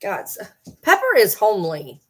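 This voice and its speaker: A woman's voice: medium pitch, wildly swooping pitch, normal speed, breathy edge. Chatty woman talking casually with viewers. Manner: chatty, swears casually, baby-talks to her pets. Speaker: livestream host. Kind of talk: casual livestream chat.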